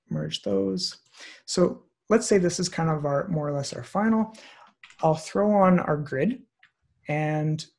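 A man walking through a photo compositing tutorial on screen, relaxed and thinking aloud with many fillers. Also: fairly high pitch, creaky. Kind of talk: screen-share software tutorial. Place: online presentation, recorded at his computer.

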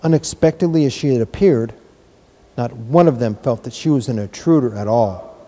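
A man reading a children's novel aloud in a measured, gentle storytelling manner. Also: medium pitch. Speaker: reader.

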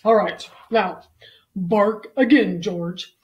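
A determined male vet from a picture book, voiced by a woman reading aloud, firm and reassuring. He speaks loudly and evenly, and he sounds calm. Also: mid-range voice, slow pace, highs cut off, close to an everyday voice.

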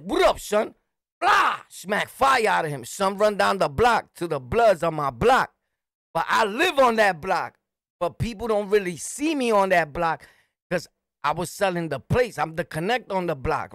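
Man, New York accent, middle-aged, animated storyteller, laughs a lot, dry recording. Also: sits high, dry recording. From Brooklyn, New York. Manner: animated, swaggering, laughs often, shouts punchlines. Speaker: storyteller, channel host. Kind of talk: casual street storytelling.

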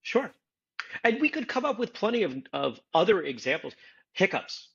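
Gravelly-voiced man explaining earnestly. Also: sits high, very animated, moderate pace, a bit bright, lo-fi sound. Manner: earnest, explanatory, builds points step by step. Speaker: podcast host, martial arts instructor. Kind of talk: casual podcast discussion.

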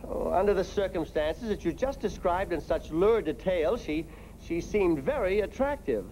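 A man's voice: high-pitched, animated, moderate pace, mellow, a little hiss or hum, poor audio. An actor playing a flustered middle-aged father who stammers through his excuses, in 1950s sitcom style.

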